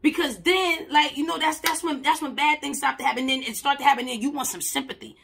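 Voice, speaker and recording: A woman who works in mental health, telling a personal story to camera in a blunt, emphatic way, repeating herself and swearing casually, swinging between loud and soft. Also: high-pitched, fairly even intonation, quick pace, gravelly.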